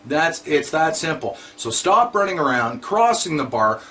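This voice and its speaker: A blunt man delivers a scolding rant, repeating his points over and over. His voice sits a little higher than most men's. A faint hiss of noise runs under the recording. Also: big pitch swings, measured pace, fairly bright tone. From Canada. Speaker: vlogger. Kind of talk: ranting monologue to camera.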